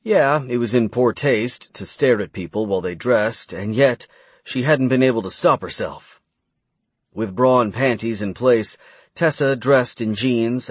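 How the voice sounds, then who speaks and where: A man narrating an audiobook in an even, steady reading. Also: on the low side, slightly rough, no room sound.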